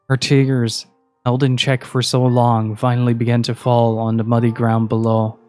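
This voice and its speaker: A man reading a story aloud in a steady, measured narration. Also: mid-range voice, soft background music.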